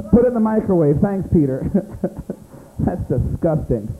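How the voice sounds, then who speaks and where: A man's voice: high voice, lively intonation, takes it slowly, narrow, tinny audio. An American man doing stand-up comedy in a small club, teasing audience members by name in a brash way. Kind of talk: stand-up comedy set with crowd work.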